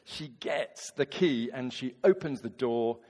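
A man, a vicar giving a chatty, animated sermon and acting out quotes in different voices. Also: medium pitch, measured pace, in a large hall. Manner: lively, conversational preaching with acted-out quotes.

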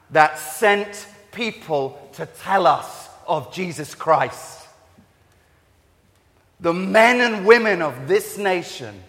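A man's voice: on the high side, pushed and bright, in a large hall, pitched above the performer's own voice, exaggerated voice. A man acting out a fervent crowd preacher. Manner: impassioned, slow emphatic delivery.

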